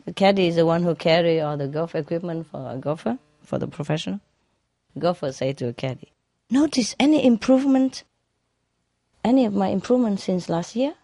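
A woman's voice: lowish voice, darkish tone, no room sound. A woman telling a string of jokes to an audience, often laughing at her own punchlines and dropping verb endings. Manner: non-native grammar, drops verb endings. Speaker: joke teller.

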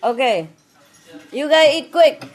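A woman's voice: high-pitched, expressive, slow pace. A woman guiding a group at a restaurant table, joking and teasing in playfully non-native English and laughing often. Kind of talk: casual joking chat.

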